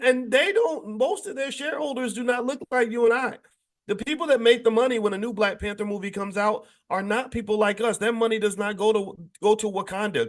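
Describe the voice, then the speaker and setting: A man hosting a daily morning talk on finance, speaking casually and emphatically, with frequent restarts and repeated words and his pitch jumping up when he stresses a point. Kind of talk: casual spoken talk to an online audience.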